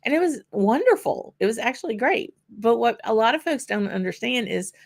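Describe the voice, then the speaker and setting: Gravelly woman. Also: a little high, animated, moderate pace. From Louisiana. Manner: chatty, answers viewers by name while tasting. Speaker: whisky channel host. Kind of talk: casual livestream chat.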